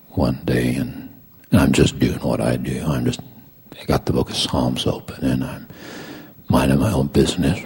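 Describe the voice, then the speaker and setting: A man preaching a sermon as pastor, rising to loud proclamations and dropping to hushed, intimate asides. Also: a bass voice, breathy edge.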